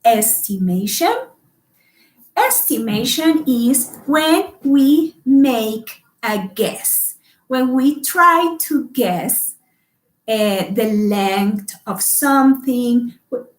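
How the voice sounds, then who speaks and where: A woman, teaching an online kindergarten math class in a slow, sing-song manner and greeting the children by name. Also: a little high, echoey room, rough recording.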